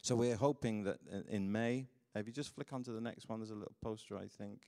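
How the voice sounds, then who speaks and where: A middle-aged man from the UK, a pastor preaching a sermon and telling mission stories with animated delivery, laughing at his own tales. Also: fairly low pitch, a little fast, creaky, long reverb tail. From United Kingdom.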